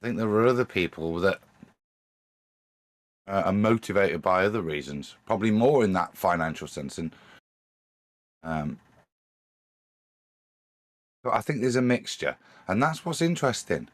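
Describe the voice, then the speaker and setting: Male panelist, low voice, hesitant and measured in casual talk. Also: lively intonation. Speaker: podcast panelist. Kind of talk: casual live-stream discussion.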